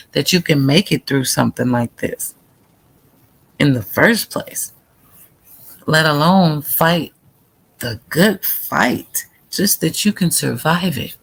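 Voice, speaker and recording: Woman live-streaming with gravelly voice. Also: sits low. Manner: chatty, talks straight to viewers, reads out a prayer. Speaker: livestream host. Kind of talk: casual livestream chat with viewers.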